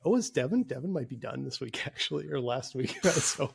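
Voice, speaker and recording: A man's voice: mid-range voice, animated, brisk, gravelly, breathy edge. A man co-hosting a casual podcast, easygoing and a bit rambling, often repeating words. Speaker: podcast co-host.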